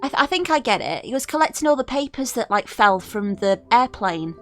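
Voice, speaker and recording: A woman's voice: fairly high pitch, sing-song, brisk, a bit bright, faint music behind. A woman streaming a game live, reacting emotionally and exclaiming at the screen, teary and near crying.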